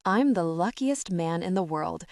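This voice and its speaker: Woman reading a sweet devoted guy, gentle and sincere, low voice, kinda far off mic. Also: expressive, measured pace, no room sound, studio quality. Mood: tender. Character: tender young man, devoted lover.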